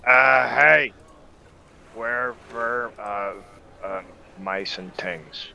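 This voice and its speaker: A man playing in a tabletop game, speaking slowly and hesitantly. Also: medium pitch, gravelly, pushed and bright, slight background noise. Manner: slow and hesitant. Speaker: player.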